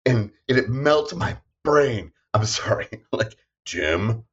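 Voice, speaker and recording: A man co-hosting a podcast in casual chat, animated and self-deprecating. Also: mid-range voice, takes it slowly. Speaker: podcast co-host. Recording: dull lo-fi sound.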